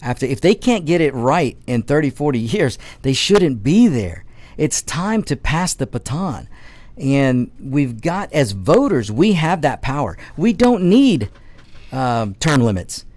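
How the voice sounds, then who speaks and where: A man's voice: mid-range voice, big pitch swings, a little slow, darkish tone, no room sound. A man hosting a talk radio show, ranting passionately with frequent restarts and stammers. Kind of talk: political talk radio monologue.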